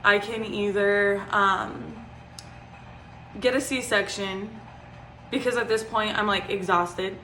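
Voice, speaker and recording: Bright-voiced young woman telling a story. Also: medium pitch, fairly even intonation, takes it slowly, long pauses, slight background noise. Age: 20s. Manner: chatty, frequent "like" and "um" fillers. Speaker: vlogger. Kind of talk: casual personal storytelling. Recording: roomy echo.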